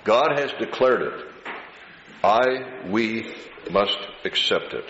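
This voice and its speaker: Slow, deliberate male preacher in a hall. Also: lowish voice, expressive, a bit bright. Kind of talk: sermon. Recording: roomy, dull hall recording with faint hiss.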